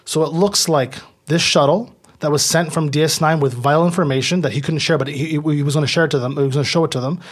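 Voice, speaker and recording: A man who is a comedian guest, telling a story in a rambling, animated way with lots of fillers and swearing. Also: on the high side, fast, few pauses. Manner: rambling, animated, fillers and profanity, acts out quotes. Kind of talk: casual podcast storytelling.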